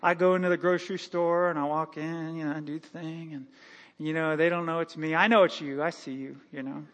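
Pastor, male, high voice, animated and humorous sermon delivery. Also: a little fast. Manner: animated, joking, lively storytelling with acted-out quotes. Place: church sanctuary.

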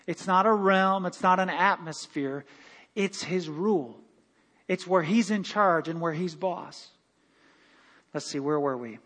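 A man preaching a sermon as pastor, animated, laughing and acting out quoted voices. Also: sits high, measured pace, some chatter behind. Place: church sanctuary. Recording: long hall reverb.

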